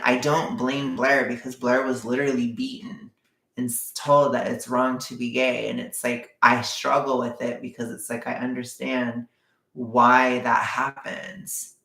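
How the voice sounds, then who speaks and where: A woman's voice: extremely low pitch, fairly bright tone, reverberant. A woman from Southern California with a Californian accent, rambling in casual livestream chat with viewers, full of "like" and laughs. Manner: rambling, heavy use of "like", frequent laughs. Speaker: vlogger answering viewer chat.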